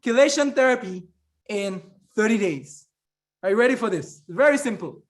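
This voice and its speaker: A man's voice: sits high, animated, normal speed. A man giving a fervent, preaching-style health talk as an evangelist and remedies trainer, rambling with restarts and often calling the listeners friends. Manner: rambling with frequent restarts and fillers.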